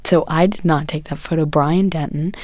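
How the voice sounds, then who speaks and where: A woman photojournalist in an interview, recounting her experiences in an earnest, measured way with frequent fillers. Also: deep voice, steady tone, a little mellow, no echo. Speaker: guest, photojournalist.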